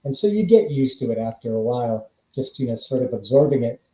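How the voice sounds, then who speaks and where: With a brisk delivery and mid-range voice, the Californian actor and author chats casually as an interview guest, a little hiss or hum underneath. He animates his tales by acting out quoted voices, all on dull, roomy remote audio.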